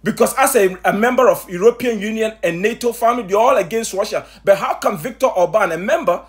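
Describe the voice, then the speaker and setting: A fast-talking man with a high-sitting voice preaches with urgent force. When excited he stammers and restarts, and throughout this passionate sermon commentary he repeats himself and puts rhetorical questions to his audience.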